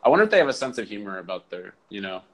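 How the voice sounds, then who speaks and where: A man's voice: lowish voice, big pitch swings, very fast. A man co-hosting a podcast in casual chat, loose and profane, riffing through comic bits. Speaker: podcast co-host.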